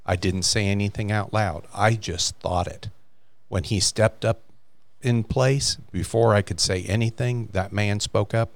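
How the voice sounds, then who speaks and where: A man's voice: lowish voice, steady tone, measured pace, no echo. A man co-hosting a faith podcast, earnestly retelling a story from a book in casual chat. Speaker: podcast co-host.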